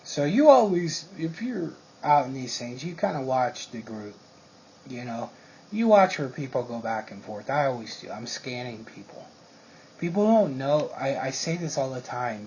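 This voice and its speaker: A man's voice: medium pitch, big pitch swings, normal speed, a little mellow. A man casually telling a swaggering, profane story about a confrontation. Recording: muffled lo-fi recording, faint hiss.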